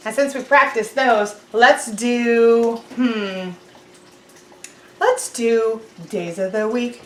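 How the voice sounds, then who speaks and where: A woman teaching a children's lesson, talking slowly and clearly in a sing-song teacher voice to young kids. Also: on the high side, steady tone, slight background noise. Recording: roomy echo.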